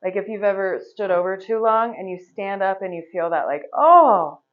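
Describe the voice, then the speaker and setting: A woman's voice: medium pitch, normal speed. Chatty woman leading a yoga class. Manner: chatty, laughs often, relaxed instructions. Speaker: yoga teacher. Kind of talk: guiding a live yoga class. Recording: slightly dull, lo-fi recording.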